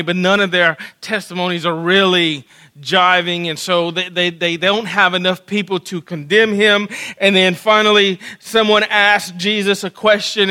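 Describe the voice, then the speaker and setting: A man preaching from the pulpit with a high, bright voice and a slow, deliberate pace. He talks earnestly, often restarting and repeating words. He drops into hushed passages and then builds to loud, emphatic stretches. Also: smooth, rough recording. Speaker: pastor. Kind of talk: sermon.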